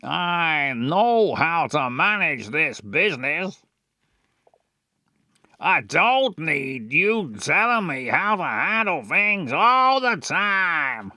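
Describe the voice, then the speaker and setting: A man's voice: a little high, sing-song, drawn-out words, bright, forceful tone, no echo, heavily acted. A man voicing a posh, haughty middle-aged father who owns a restaurant, talking down to his grown child. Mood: angry. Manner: haughty, clipped and condescending.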